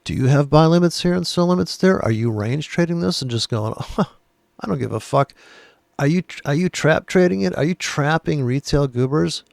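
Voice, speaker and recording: A man's voice: a little high, a little fast, creaky, hardly any pauses, darkish tone, no echo, clean studio sound. A man giving casual chart commentary, blunt and profane, rambling with sarcastic asides. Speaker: trading educator.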